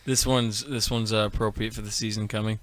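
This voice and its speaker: A man's voice: on the low side, level tone, brisk, a bit bright. A man co-hosting a podcast, making wry side comments and chuckling mid-sentence in casual banter. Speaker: podcast co-host.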